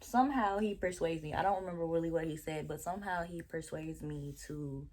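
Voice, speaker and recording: A woman's voice: low-pitched, fairly quick, a little mellow. A woman vlogger casually telling a story, chatty and exasperated, with restarts along the way.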